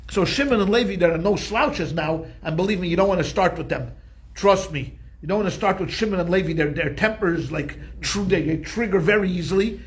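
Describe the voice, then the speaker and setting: A male rabbi teaching a Torah class, telling the story in an animated, conversational way with frequent restarts. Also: high voice, a little fast.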